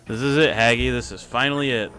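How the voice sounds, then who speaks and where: A man reading lines as a blustering male turtle king villain, boastful and gruff. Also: medium pitch, fast talker, sharp tone, faint music behind, lightly acted. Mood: gloating.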